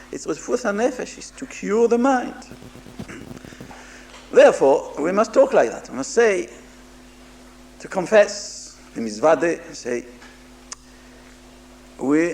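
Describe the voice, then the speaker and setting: Lively high-voiced gravelly rabbi preaching. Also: male voice, a little hiss or hum. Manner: halting, repeats words, mixes Hebrew terms into English, asks listeners "understand?". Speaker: rabbi giving a Musar talk. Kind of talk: sermon.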